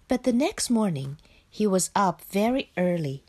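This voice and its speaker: A woman reading a children's picture book aloud, slow and expressive. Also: mid-range voice. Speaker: storyteller.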